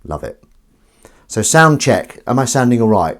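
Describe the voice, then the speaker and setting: Very animated yet a little slow, a mid-range male voice hosts a laid-back kitchen live stream. He wanders off topic, stops himself mid-sentence, and swears casually as water runs faintly in the sink.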